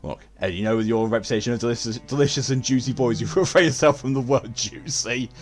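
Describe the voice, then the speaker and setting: A man streams a video game at a medium pitch and quick pace, faint music playing behind him. He chats casually with viewers, joking, swearing freely and laughing a lot.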